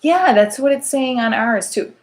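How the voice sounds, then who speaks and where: A woman's voice: fairly high pitch, expressive, normal speed. A woman in her thirties hosting a casual late-night livestream show, chatty and self-deprecating and sounding tired. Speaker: show host.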